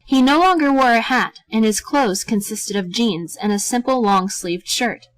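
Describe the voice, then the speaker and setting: A woman reading a story aloud as narrator in a steady, gentle way. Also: fairly high pitch, moderate pace, no echo, rough recording.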